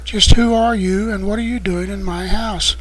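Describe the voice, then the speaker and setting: Man doing a level-headed young homeowner, even and gentle delivery, storybook read. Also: sits high, moderate pace, low-quality recording. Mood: calm.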